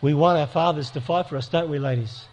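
A man's voice: on the high side, fast, a little mellow, lo-fi sound. A middle-aged man giving an earnest talk to an audience, telling stories. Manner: storytelling, earnest, with acted dialogue. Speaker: speaker. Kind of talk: sermon to a live audience.

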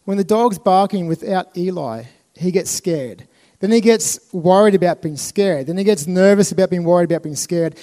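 An Australian man in his thirties giving a motivational talk to a live audience, telling animated stories with laughs and acted-out voices. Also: high voice, moderate pace, hardly any pauses. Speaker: speaker.

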